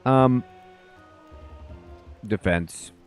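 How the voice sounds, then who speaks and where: A man casually commenting on an online game as he plays and greets viewers in quick excited bursts. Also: mid-range voice, faint music behind. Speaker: gaming host. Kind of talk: casual let's play commentary.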